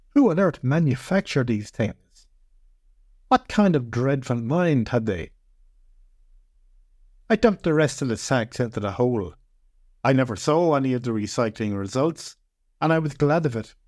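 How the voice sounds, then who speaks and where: A man narrating a first-person fantasy story in a measured, reflective way. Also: mid-range voice, a little mellow, dry recording, studio quality. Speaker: podcast narrator.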